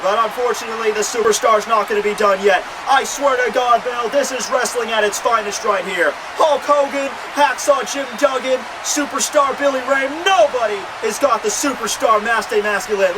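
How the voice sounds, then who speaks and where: A man voicing an excitable male pro-wrestling announcer with hyped, booming delivery. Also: moderate pace, hardly any pauses, noisy background.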